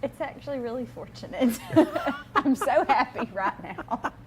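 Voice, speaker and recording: A woman's voice: sits high, lively intonation, measured pace, crowd noise. A woman co-hosting a local TV show, teasing and laughing easily. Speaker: TV show co-host. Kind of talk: casual on-air banter.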